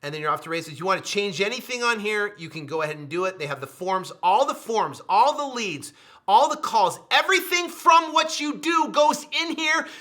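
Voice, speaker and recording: A man giving an energetic sales pitch for his software, repeating his points with emphasis and often dropping to a low mutter. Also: fairly quick. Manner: repetitive, emphatic, with sudden drops to a low mutter.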